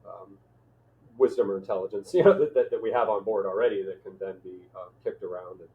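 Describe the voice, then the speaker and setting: Male podcast host, thoughtful halting chat, somewhat low voice, thin phone-line sound. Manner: thoughtful, halting, many fillers and restarts. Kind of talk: reflective conversational chat.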